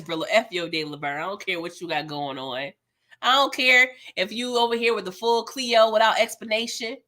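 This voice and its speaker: Woman, young adult, live TV recap host, animated, sassy, slangy, laughs a lot, bright tone. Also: mid-range voice.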